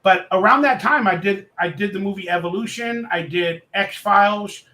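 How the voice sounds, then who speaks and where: Excitable male interview guest with a bright, high voice; roomy sound. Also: moderate pace. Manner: excitable, acts out quoted voices. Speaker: actor guest. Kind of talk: animated storytelling in a live interview.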